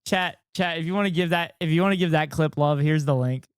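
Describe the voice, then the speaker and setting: A streamer man talking to his chat in a loose, rambling, self-deprecating way. His voice is slightly high and crisp, and it sits dry and close to the mic. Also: brisk, no room sound. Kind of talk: casual live-stream chat.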